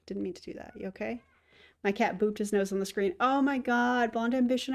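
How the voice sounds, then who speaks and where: A woman's voice: a little high, flat delivery, a little fast. A woman hosting a casual livestream, chatting to viewers and cooing to her cat. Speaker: streamer host.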